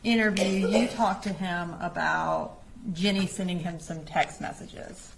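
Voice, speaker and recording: A woman prosecutor with a lowish, gravelly voice questions a witness in a formal, methodical way. Faint courtroom hum sits under her voice. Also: fairly even intonation, measured pace, low-quality recording.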